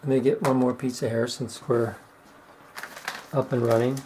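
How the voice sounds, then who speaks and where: A middle-aged man giving casual step-by-step how-to narration while demonstrating razor honing, unhurried and plain-spoken. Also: mid-range voice, level tone, mellow, slight background noise, rough recording. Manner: unhurried, explains step by step with fillers.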